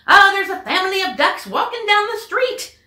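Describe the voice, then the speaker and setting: A woman voicing an excited young policeman shouting urgently into a phone in a storybook. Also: very high voice, normal speed, reverberant, recorded from a distance, voice pushed up, full character voice.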